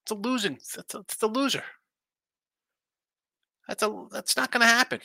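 A tired man hosting a sports betting stream, talking in a loose, rambling way with a bright voice. The sound is dry and close, with no room around it. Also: high-pitched, moderate pace, vocal fry, no room sound. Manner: loose, rambling, reads chat aloud. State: tired, yawning. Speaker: sports betting picks host. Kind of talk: casual live-stream chat.

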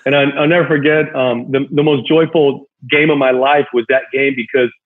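A man, a former big-league pitcher, telling an emotional childhood story in a rambling, casual way with many fillers. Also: steady tone, moderate pace. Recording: tinny phone-line sound.

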